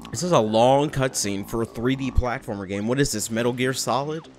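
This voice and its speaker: A young man rambling excitably and swearing as he comments on a video game. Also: medium pitch, a little fast, hardly any pauses, faint music behind. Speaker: let's play gamer. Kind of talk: casual gameplay commentary.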